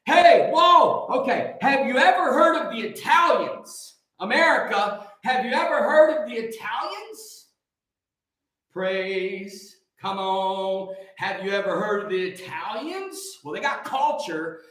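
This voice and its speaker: A man with a high voice hosts a rambling livestream, excitable and preachy, leaping from one topic to the next. His voice rings out in a very echoey room. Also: a little slow. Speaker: livestream host.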